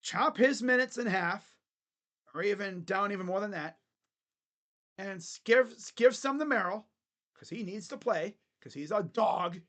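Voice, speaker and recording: A young man hosting a casual live basketball reaction, joking bluntly and crudely with sudden loud bursts. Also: high voice, expressive, measured pace. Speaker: sports channel host. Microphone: webcam setup.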